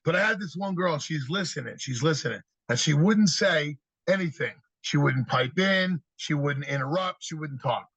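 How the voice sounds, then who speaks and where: A man guest on a podcast, telling lively stories about kids and acting out their replies in an energetic, conversational way. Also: on the high side, normal speed, few pauses, breathy edge, dry recording, poor audio. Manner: animated storyteller, acts out kids' answers. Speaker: podcast guest, youth speaker. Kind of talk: storytelling interview talk.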